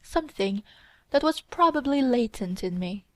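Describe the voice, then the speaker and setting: A woman's voice: fairly high pitch, expressive, moderate pace, fairly bright tone, dry recording. A woman voicing a cold, contemptuous young woman in an audiobook, speaking in a commanding way. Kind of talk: audiobook character reading.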